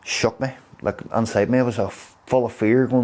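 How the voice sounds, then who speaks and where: A man from Derry with a Derry accent, telling stories in a rambling, halting way. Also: medium pitch, steady tone, a little mellow. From Derry, Northern Ireland. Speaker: interviewee. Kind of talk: casual storytelling.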